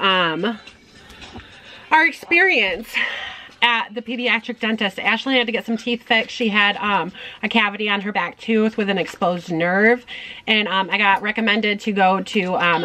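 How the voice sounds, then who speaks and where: A woman's voice: lowish voice, pushed and bright, poor audio. A young woman telling a personal story in a casual vlog, chatty, with many ums and restarts. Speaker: vlogger mom.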